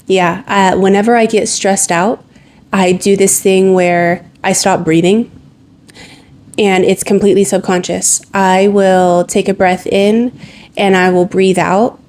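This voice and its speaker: Woman telling her own story, flat delivery. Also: medium pitch, measured pace. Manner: candid, conversational with frequent "like" fillers. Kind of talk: personal storytelling narration.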